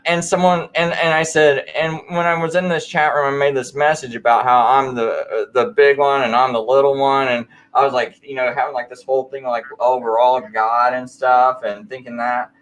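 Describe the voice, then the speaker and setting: A man recounts his own story in an easygoing late-night conversation. His voice sits at an ordinary middle pitch, and his sentences wander, restart and lean heavily on filler words. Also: steady tone, a little fast, hardly any pauses, a bit bright. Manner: rambling, filler-heavy storytelling.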